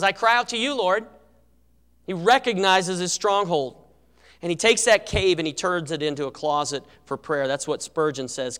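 Male pastor, fairly high clear voice, earnest sermon delivery, long church reverb. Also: fairly bright tone. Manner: earnest, rises and drops in volume for emphasis. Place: church sanctuary.

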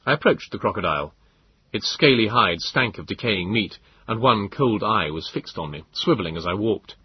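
A man narrating a story in the first person, with expressive, measured storytelling. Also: lowish voice, dull audio, a little hiss or hum. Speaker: audiobook narrator.

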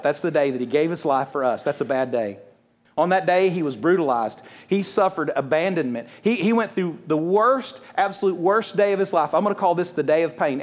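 A man preaching a sermon as a pastor, casual and conversational, joking and acting out what people say. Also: fairly high pitch. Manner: fast, conversational preaching with quick jokes and acted-out quotes.

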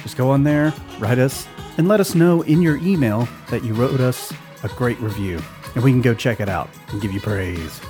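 A man co-hosting a casual podcast, laid-back and quick with quips, laughing often. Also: medium pitch, expressive, music in the background. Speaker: podcast co-host.

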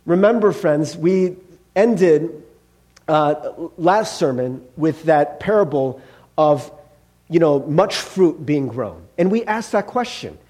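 A man's voice: fairly high pitch, expressive, takes it slowly, darkish tone. A male pastor preaching a sermon in a conversational way, often checking in with "right?" and acting out angry drivers. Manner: acts out angry driver outbursts.

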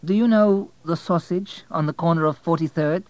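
A man voicing a soft-spoken young Polish waitress. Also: on the high side, moderate pace, dry recording, lo-fi sound, voice pushed up, natural voice. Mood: gentle.

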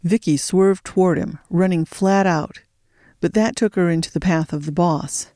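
A narrator reading a thriller audiobook in a steady storytelling voice, slowing for suspense. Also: medium pitch, no room sound, clean studio sound.

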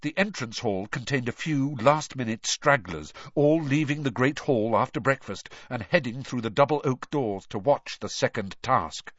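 Expressive male audiobook narrator. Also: medium pitch, moderate pace, few pauses, no echo, dull audio. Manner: expressive storybook reading. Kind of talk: scripted narration.

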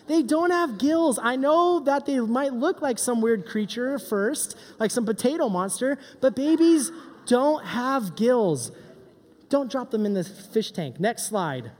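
A middle-aged man giving a joking, animated youth sermon as a pastor. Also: very high voice, takes it slowly. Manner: joking, animated, does silly voices. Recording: long hall reverb.

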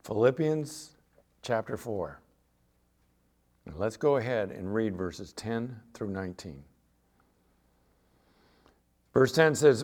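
A man's voice: fairly low pitch, lively intonation, unhurried, a little mellow. A man preaching as pastor, reading scripture aloud with rising emphasis and acting out little voices. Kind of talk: sermon.

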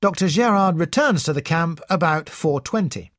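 A narrator reading a story aloud in a clear, scripted way. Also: medium pitch, expressive, moderate pace, dry recording, clean studio sound. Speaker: audiobook narrator.

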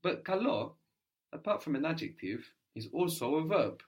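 A man's voice: fairly high pitch, very animated, normal speed. Patient man teaching a language. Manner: patient, prompting the learner with questions, ends many lines with "no?". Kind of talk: Greek language lesson.

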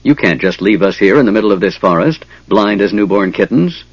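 Male narrator as a blunt, angry young fighter; husky, dull dry sound. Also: lowish voice, expressive, a little fast, dry recording. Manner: loud, blustering. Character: big brash young warrior, blunt and angry.

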